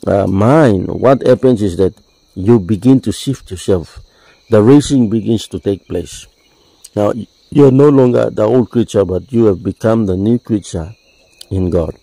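Low mellow guy preaching, dry sound, keeps saying you see. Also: no echo, rough recording. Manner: explains with repeated "you see", deliberate phrasing. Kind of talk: sermon.

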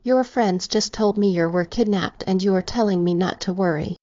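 A woman's voice: mid-range voice, moderate pace, dark tone, no room sound, close to an everyday voice. A woman voicing a worried young man in an audiobook, speaking urgently and in disbelief. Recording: slightly dull, dry recording.

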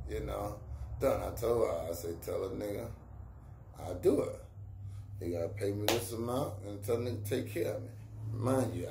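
A man's voice: fairly low pitch, gravelly. A middle-aged man, a rapper, telling stories about his career in casual street slang, acting out the voices of the people he quotes. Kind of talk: casual storytelling. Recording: echoey room with faint ambient noise.

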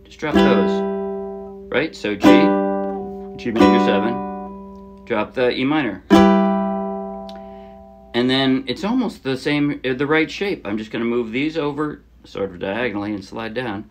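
A man teaching a ukulele song in a casual, chatty way, often trailing off softly and poking fun at himself. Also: medium pitch, moderate pace, over loud music. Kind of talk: casual tutorial explanation. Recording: loud ukulele playing under the voice. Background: ukulele strumming.

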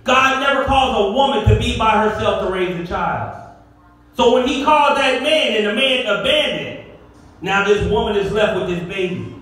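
A middle-aged male pastor preaching a sermon with call-and-response to his congregation, sometimes rising to shouts. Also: sits high, moderate pace. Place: church sanctuary. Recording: echoey hall, far from the mic.

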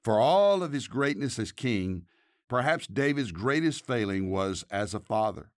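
Man, pastor, devotional narration, earnest, measured, dry studio. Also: mid-range voice, lively intonation, no echo. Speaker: pastor and podcast host. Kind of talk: scripted devotional narration and prayer.

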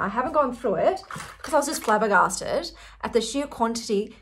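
A woman's voice: sits high, animated, normal speed, a bit bright, slight background noise. A woman in her forties with an Australian accent, chatting to camera in an effusive, giggly way. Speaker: vlogger. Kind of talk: casual chat to camera.

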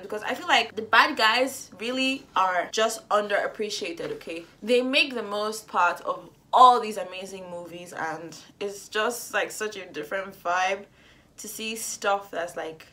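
A young woman excitedly unboxing makeup at home, gasping and gushing as she goes. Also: medium pitch. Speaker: beauty vlogger.

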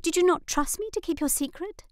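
A woman's voice: extremely high pitch, fairly quick, a little mellow, dry recording, studio quality, pitched above the performer's own voice. A woman voicing an earnest, hurt younger sister in an audiobook, pleading in a raised voice.

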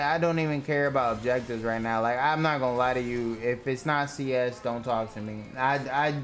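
An irritated young streamer rants at his teammates with a lot of swearing. His voice sits a little high, and he talks at a slow, drawn-out pace. Faint music plays behind him. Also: a bit bright. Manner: irritated, profane ranting at teammates. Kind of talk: live gameplay commentary.

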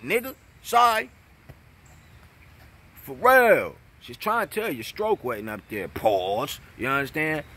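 A young man with a New York accent, delivering a mocking, profane trash-talking vlog rant about a battle rapper, jumping between loud jabs and low mutters. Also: slightly rough. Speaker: battle rap commentator.

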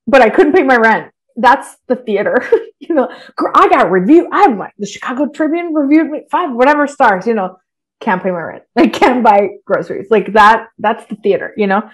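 Animated, swearing woman guest in casual chat. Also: on the high side, normal speed. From Texas. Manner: animated, swears freely, laughs often. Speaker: podcast guest, writer.

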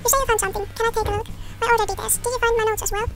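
A woman reading a fretful village woman's game dialogue aloud in a squeaky put-on voice, with game music under her. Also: little pitch movement, rapid-fire, fairly bright tone. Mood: grudging.

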